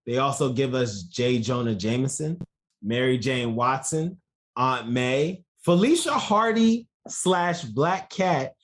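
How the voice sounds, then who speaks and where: A man hosting a casual podcast, playful and quick to laugh. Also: mid-range voice, animated. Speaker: podcast host. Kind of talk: casual chat.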